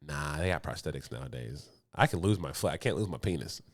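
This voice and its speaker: Male podcast co-host, casual, crude, animated storyteller acting out quotes. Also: quick pace. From United States. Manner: animated, acts out quotes with big pitch jumps.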